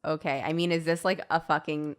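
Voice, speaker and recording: Deadpan young woman, lower voice, reads aloud and comments dryly in a casual chat. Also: fairly quick. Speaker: comedian guest. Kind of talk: casual podcast chat, reading a story aloud.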